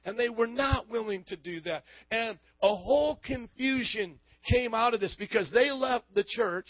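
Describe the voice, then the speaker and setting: High-voiced emphatic preacher. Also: male voice, normal speed, no echo, highs cut off. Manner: emphatic, call-and-response with the congregation. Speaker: pastor. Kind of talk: sermon.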